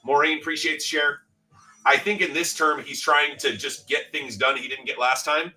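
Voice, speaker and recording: Bright-voiced man ranting off-mic. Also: a little high, fairly even intonation, moderate pace. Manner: rambling, profane, reads out chat comments. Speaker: livestream host. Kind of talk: casual livestream chat. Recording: distant mic with faint background music.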